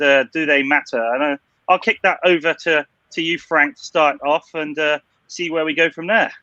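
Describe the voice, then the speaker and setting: Guy hosting a panel on a video call, bright and a bit high, dull lo-fi audio. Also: no room sound. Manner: chatty, welcoming. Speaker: panel moderator.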